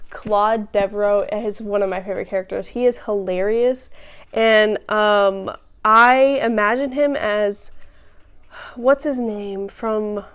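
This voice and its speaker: A woman's voice: medium pitch, clear, resonant tone. A woman chatting casually as a book vlogger, rambling with many fillers and restarts. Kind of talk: casual book review chat.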